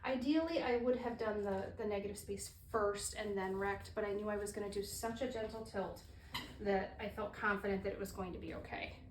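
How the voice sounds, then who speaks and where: A woman's voice: medium pitch, fairly even intonation, a little fast. A woman demonstrating fluid art, chatting casually and thinking aloud as she works, with apologetic asides. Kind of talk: casual painting tutorial. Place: roomy art studio. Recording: echoey room with faint ambient hiss.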